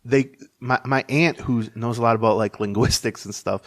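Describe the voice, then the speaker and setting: A man's voice: medium pitch, steady tone, normal speed, a bit bright. A man from Minnesota with a Minnesota accent that leans toward Chicago, co-hosting a casual sports podcast in a rambling, self-deprecating way. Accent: Minnesota, leaning Chicago. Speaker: podcast co-host.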